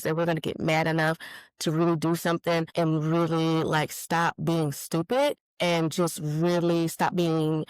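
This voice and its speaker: A woman, hosting a candid solo podcast and telling stories in a lively, frank way with swearing and laughter. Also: fairly low pitch, smooth, no echo, low-quality recording. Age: 40s. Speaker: podcast host. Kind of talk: casual solo podcast, live-streamed.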